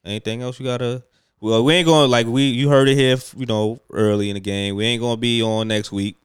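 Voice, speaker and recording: A man's voice: mid-range voice, steady tone, fast talker, clear, resonant tone, no echo, clean studio sound. A man co-hosting a casual podcast, laid-back and teasing, rambling as he introduces songs. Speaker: podcast co-host.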